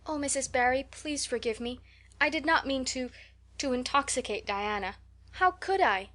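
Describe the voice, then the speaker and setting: Brief: dramatic, pleading young girl in a storybook, put on by a woman narrator; pitched up. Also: moderate pace, a bit bright. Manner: high-flown, theatrical pleading.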